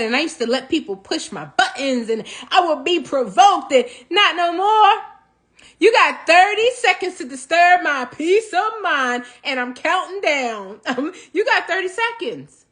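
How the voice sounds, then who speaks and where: High-voiced, animated motivational woman. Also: measured pace. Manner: animated, preachy, laughs between points. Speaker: host of a healing talk show. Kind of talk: motivational talk.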